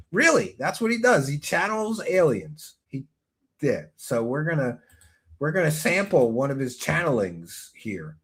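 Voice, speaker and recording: A man hosting a livestream, talking in a profane, mocking comedic way and often breaking into shouts. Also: fairly high pitch. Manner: loud, mocking, swings into shouting. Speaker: livestream host.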